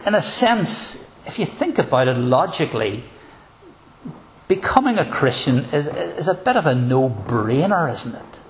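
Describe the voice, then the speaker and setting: A man preaching a sermon in an earnest, measured way, asking probing rhetorical questions. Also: a little high, very animated, slight background noise.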